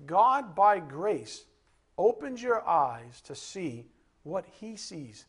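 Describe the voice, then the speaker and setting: A man giving a sermon as a Bible teacher, animated, asking rhetorical questions and acting out little scenes. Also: high voice, slow, breathy edge.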